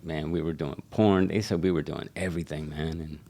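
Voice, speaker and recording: A middle-aged man from Seattle, a barber and shop owner, telling animated stories in casual chat and swearing freely. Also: a bass voice, fairly quick. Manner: animated storyteller who acts out quotes, swears freely. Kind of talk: casual storytelling.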